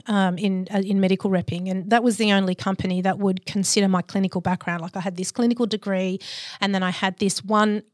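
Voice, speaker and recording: A woman in her forties, a podcast guest telling her life story in a candid, reflective, measured way. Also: mid-range voice, flat delivery, a little mellow, dry recording, studio quality.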